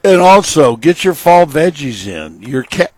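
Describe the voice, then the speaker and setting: Slow-talking garden show host, dry studio sound. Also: male voice, on the high side, big pitch swings, darkish tone, dry recording. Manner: slow, instructive, folksy. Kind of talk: radio gardening advice chat.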